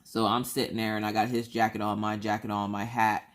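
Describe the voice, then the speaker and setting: A woman vlogger telling a story in a chatty, slangy way, acting out the voices she quotes. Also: fairly quick. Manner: animated, acts out quoted voices with big pitch jumps; casual slangy talk, addresses viewers as y'all.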